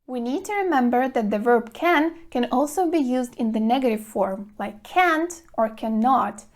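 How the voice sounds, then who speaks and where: A woman teaching an English grammar lesson to camera, speaking clearly and deliberately, stressing words to show pronunciation. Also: a little high, expressive. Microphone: phone camera.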